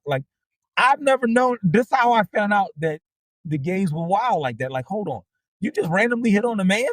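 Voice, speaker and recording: A man telling stories casually as a podcast host, profane and animated, his voice shooting up high when he acts out his reactions. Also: moderate pace, no echo. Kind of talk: casual storytelling monologue.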